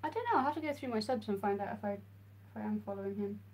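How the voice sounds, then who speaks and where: A woman's voice: medium pitch, rapid-fire, darkish tone. A young woman from the English Midlands, chatting casually with her livestream viewers while she draws, answering their messages with frequent ums. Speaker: streamer.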